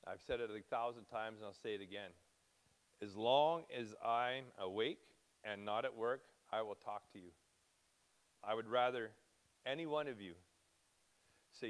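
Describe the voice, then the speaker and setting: A man's voice: mid-range voice, normal speed. A man in his fifties speaking to a congregation in a loose, chatty way. He jumps between thoughts, restarts sentences and sounds close to tears at times. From Canada. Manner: rambling, self-interrupting, emotional. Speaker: preacher. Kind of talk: informal church talk.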